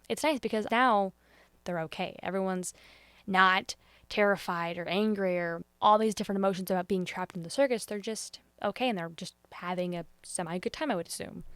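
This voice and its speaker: In a casual spoken review vlog, an earnest woman shares her thoughts on a show, openly emotional and sometimes hesitant. Her middle-pitched voice leaps up when excited and sinks to soft near-whispers, recorded close and dry without room echo.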